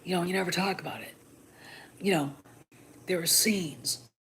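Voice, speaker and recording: Woman podcast host, low-pitched, opinionated solo talk with frequent fillers, faint hiss behind her. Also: normal speed. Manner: animated, blunt, swears freely, many fillers.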